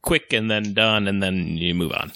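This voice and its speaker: Bright-voiced man in casual chat. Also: fairly low pitch, normal speed, dry recording. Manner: rambling, animated, often laughing. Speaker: podcast co-host.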